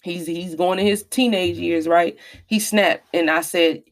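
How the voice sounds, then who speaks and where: Candid woman with a gravelly edge. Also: on the low side, fairly even intonation, unhurried. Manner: emphatic, confessional, addresses listeners directly. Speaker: podcast host. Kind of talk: candid personal storytelling monologue.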